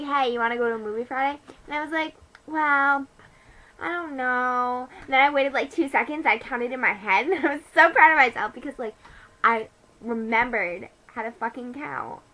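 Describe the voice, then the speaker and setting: A woman's voice: high-pitched, sharp tone, poor audio. A teenage girl playing a snarky, ditzy teenage girl who rambles profanely while gossiping about a date. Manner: rambling, profane, bratty, giggly asides. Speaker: comedy vlogger. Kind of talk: improvised comedy monologue.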